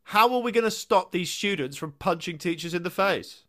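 A man's voice: high voice, lively intonation, fairly bright tone. A man co-hosting a comedy podcast, riffing playfully and laughing as he jokes. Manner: playful, quick to riff and laugh. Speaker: podcast co-host. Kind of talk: comedic banter.

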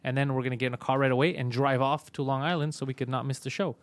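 A male comedian hosting a casual live stream, loud and profane, mock-bullying his co-host. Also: mid-range voice, flat delivery, racing, dry recording.

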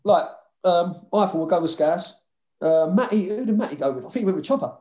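A man with a London accent tells old football stories at full tilt. His voice sits a touch high, and he swears and laughs his way through the tales. The room around him is roomy and echoey. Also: fairly quick. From London (Hackney). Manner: animated storyteller, swears freely, laughs often. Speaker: former footballer guest. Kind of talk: casual podcast chat.

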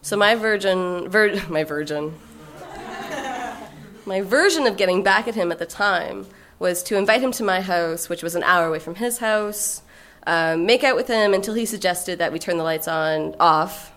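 A woman's voice: lowish voice, moderate pace, a bit bright. A woman in her forties telling a personal story as a podcast guest, frank and profane and laughing often. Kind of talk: candid conversational storytelling.

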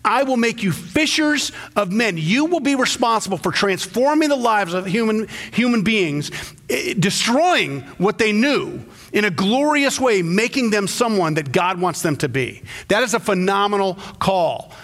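A middle-aged man, the pastor, preaching a sermon in a church, telling stories and acting out quotes with sudden jumps in pitch. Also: big pitch swings, moderate pace, a bit bright.

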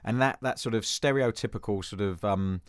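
A man's voice: fairly low pitch, a little fast, no room sound. A man in his fifties from Jersey, a former footballer being interviewed, talking thoughtfully with restarts and dry self-deprecating humour. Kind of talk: reflective conversational interview.

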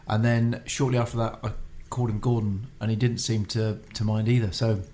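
A man chatting on a casual podcast, speaking warmly and with emphasis. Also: lowish voice, flat delivery, fairly quick, a little hiss or hum.

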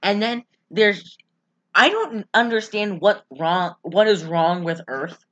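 A woman's voice: mid-range voice, slow, muffled recording. A woman in casual chat, recapping a film plot animatedly and saying she feels sick. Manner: animated storytelling, flat deadpan when quoting characters.

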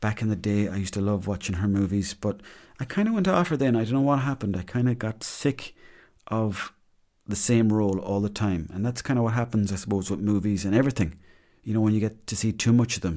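A man's voice: on the low side, a little mellow. A man hosting a solo podcast, rambling and chatty, with a self-deprecating manner. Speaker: podcast host. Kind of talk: casual solo podcast monologue.

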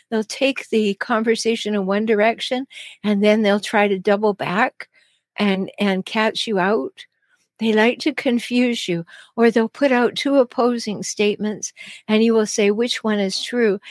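A woman's voice: medium pitch, dry recording. A woman hosting an advice podcast as a relationship coach, talking earnestly and stressing key phrases. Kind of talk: solo advice podcast talk.

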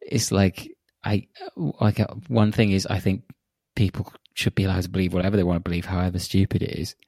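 A man with a low voice talks in quick, teasing back-and-forth banter, blunt in his opinions. The sound is dry and close, with no room around it. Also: flat delivery, warm tone, no echo. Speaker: podcast co-host. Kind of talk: casual chat.

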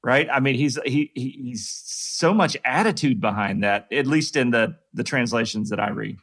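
A man's voice: medium pitch, normal speed, a bit bright, husky. A man with a Southern US twang hosting a podcast, joking and conversational. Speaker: podcast host. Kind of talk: casual chat.

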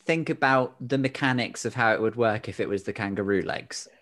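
A man guest on a comedy podcast, dropping dry, deadpan quips in casual chat. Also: medium pitch, fairly quick.

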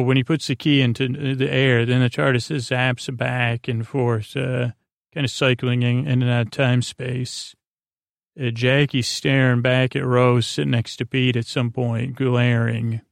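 A man's voice: medium pitch, little pitch movement, unhurried, gravelly, dry recording, studio quality. A man hosting a podcast, giving a meandering, hesitant bedtime recap of a TV episode with lots of filler words. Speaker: podcast host.

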